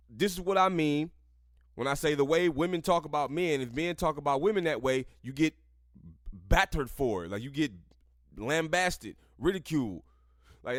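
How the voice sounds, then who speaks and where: A man's voice: a little high, no room sound, clean studio sound. Profane ranting male podcast host. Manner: crude, combative ranting. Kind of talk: profane commentary on articles.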